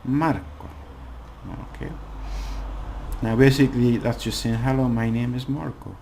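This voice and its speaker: A man giving a casual language lesson, explaining slowly and repeating words, with many fillers. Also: medium pitch, flat delivery, vocal fry, darkish tone, slight background noise. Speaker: language teacher.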